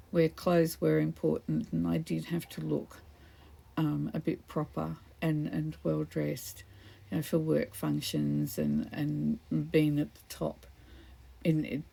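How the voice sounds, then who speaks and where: A woman's voice: sits low, vocal fry, warm tone. A middle-aged woman chatting casually while crafting, rambling and laughing often. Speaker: craft video host.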